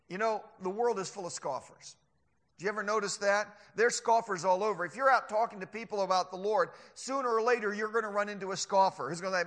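A man delivers a lively, animated sermon in a high, bright voice. His words ring out with a long hall reverb around them. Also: a little fast. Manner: animated, acts out scoffers in mocking voices. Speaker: preacher.

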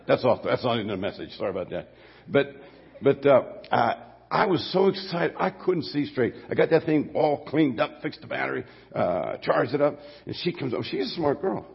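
A man's voice: medium pitch, very animated, normal speed, gravelly, husky. An older man preaching a sermon as pastor, folksy and rambling, stumbling over restarts and slipping into asides. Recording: dull lo-fi audio with long hall reverb.

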